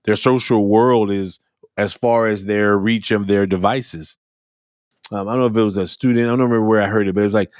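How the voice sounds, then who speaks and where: A man who runs youth workshops, talking through his experiences in a casual, animated monologue and acting out students' lines as he goes. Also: lowish voice, brisk, clear, resonant tone, dry recording, studio quality. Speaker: youth speaker and workshop facilitator. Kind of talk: reflective podcast monologue.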